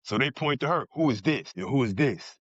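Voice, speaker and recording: New Jersey man, podcast guest, mid-pitched, blunt and profane, acts out other people's lines; muffled, dry recording. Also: expressive, brisk, dry recording. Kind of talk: casual storytelling.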